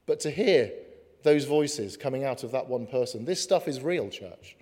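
A man preaching a sermon in an earnest way, slowing down for emphatic lines. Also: mid-range voice, darkish tone. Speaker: pastor. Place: church hall. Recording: long hall reverb.

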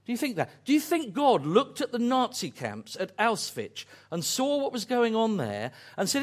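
A man's voice: extremely high pitch, wildly swooping pitch, normal speed, hardly any pauses. A man preaching a sermon, earnest and fond of repeated phrases and pointed questions.

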